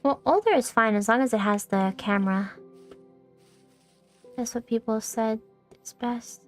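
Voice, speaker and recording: A woman's voice: a little high, a little slow. A young woman streaming a video game, rambling casually, swearing freely and poking fun at herself. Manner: rambling, swears a lot, self-mocking. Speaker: VTuber streamer. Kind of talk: casual gaming stream chat. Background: faint background music.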